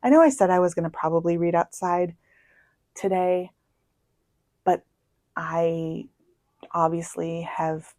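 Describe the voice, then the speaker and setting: A young woman chatting casually as a book vlogger, self-deprecating and full of quick asides. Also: fairly low pitch, darkish tone, no room sound, low-quality recording. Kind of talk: casual chat. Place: home.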